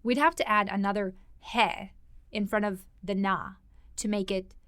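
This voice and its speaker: Woman hosting a language podcast, chatty, thinking out loud, dry close sound. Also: medium pitch, fairly even intonation, measured pace, smooth, no echo. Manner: conversational, thinks aloud while explaining.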